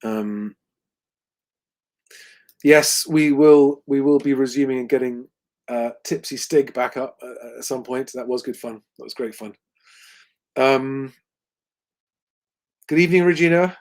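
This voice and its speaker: A man's voice: mid-range voice, normal speed, long pauses. A man hosting a livestream Q&A, talking conversationally with lots of ums and restarts. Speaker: host.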